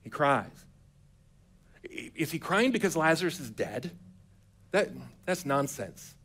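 A man's voice: fairly high pitch, slow. A man preaching a sermon in a church, retelling scripture in a casual, chatty way and acting out the characters' lines with modern slang. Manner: casual storytelling preacher who acts out quotes in a relaxed, modern voice. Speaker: pastor. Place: church sanctuary.

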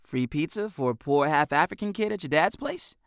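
A man voicing a quiet, understated teenage boy with dry humor in an audiobook. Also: on the high side, animated, fairly quick, vocal fry, clean tone, dry recording, voice pushed up. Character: quiet, dry-witted teen boy hero.

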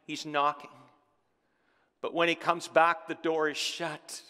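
A male pastor preaching to his congregation in a bright, forceful, slightly high voice. He builds fervor and calls out to the room. A long church-hall reverb trails his words. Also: level tone, takes it slowly, smooth. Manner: preaching with rising fervor and call-outs to the congregation. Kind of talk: sermon. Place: church sanctuary.

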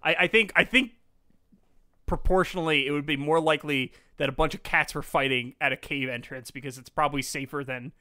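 Podcast host, male, bright and slightly high voice, dry close sound, rambling and jokey. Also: a little fast, dry recording. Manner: rambling, jokey, trails off into asides. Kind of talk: casual podcast chat.

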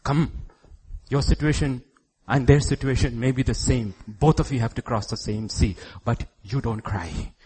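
A middle-aged man from India preaching a sermon in church, acting out God's words and shifting from hushed tones to loud outbursts. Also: mid-range voice, normal speed, breathy edge. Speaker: pastor.

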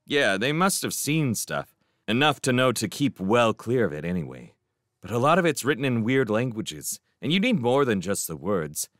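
A man's voice: medium pitch, very animated, moderate pace, a bit bright, dry recording, studio quality. A man voicing a cheerful, cocky teenage boy in a storybook reading, breezy and teasing. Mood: chatty.

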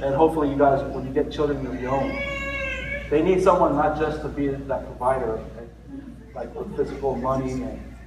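A man's voice: mid-range voice, fairly even intonation, a little fast. A middle-aged man preaching a sermon as a pastor, in a conversational way, laughing often as he tells stories. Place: church hall. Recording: roomy echo, distant mic, noisy.

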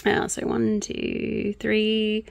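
A woman's voice: medium pitch, monotone, extremely slow, vocal fry, no room sound. A woman vlogger chatting casually and sarcastically about true crime while she crochets.

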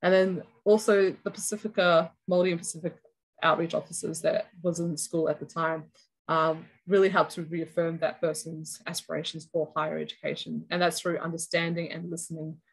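A woman's voice: deep voice, little pitch movement, fairly quick, creaky, slightly rough, poor audio. A woman giving a conference talk, explaining cloak weaving step by step as an education analogy. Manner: explanatory, walks through a cloak sample step by step. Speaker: educator presenter. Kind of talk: conference presentation.

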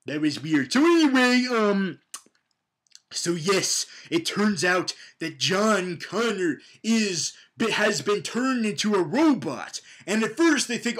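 High-voiced man ranting sarcastically. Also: very animated, measured pace, a bit bright. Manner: rambling, sarcastic, profane, many restarts. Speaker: movie reviewer. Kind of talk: comedic movie recap with voiced characters.

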